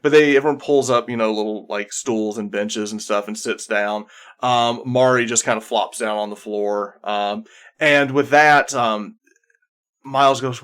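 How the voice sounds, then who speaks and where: A man serving as game master, narrating scenes in a casual, loose way full of fillers. His voice sits at a middle pitch. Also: fairly even intonation, a little slow, fairly bright tone, clear, resonant tone.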